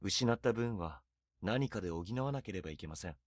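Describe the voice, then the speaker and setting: An actor playing a cold, logical shopkeeper in a game, speaking calmly and detachedly. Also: male voice, low-pitched, rapid-fire, no echo, clean studio sound. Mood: cool. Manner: calm, detached, reasoning.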